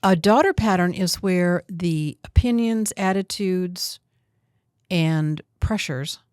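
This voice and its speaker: Host-coach, female, lower register, direct and teasing delivery. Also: takes it slowly, darkish tone, smooth, dry recording, clean studio sound. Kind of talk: coaching conversation.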